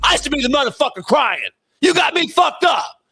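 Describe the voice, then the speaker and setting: A man putting on a fired football coach who screams a profane, crying rant in a high strained voice. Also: quick pace, pushed and bright, slight background noise. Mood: screaming rant. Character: ranting fired male football coach, sobbing and furious.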